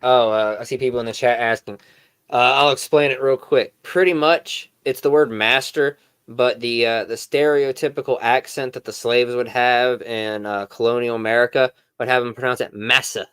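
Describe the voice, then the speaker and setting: A man's voice: medium pitch, fairly even intonation, moderate pace, a bit bright, clean tone. A man streamer giving reaction commentary, explaining to chat with dry, sarcastic asides.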